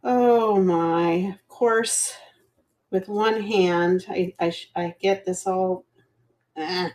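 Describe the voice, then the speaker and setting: Hosting a laid-back live jewelry sale, this middle-aged woman chats and rambles, poking fun at her own slip-ups. She speaks on the low side with a steady tone, drawn-out words, and a darkish quality.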